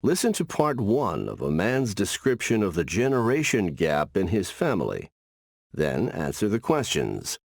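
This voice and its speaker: Very deep, slow male announcer. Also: vocal fry, no echo, studio quality. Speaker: audio announcer. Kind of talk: scripted textbook instructions.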